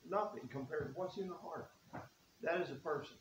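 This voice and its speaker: A man's voice: on the high side, fairly quick, muffled recording. A man preaching a sermon in a church, folksy and earnest, reading scripture aloud. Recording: echoey room with faint hiss.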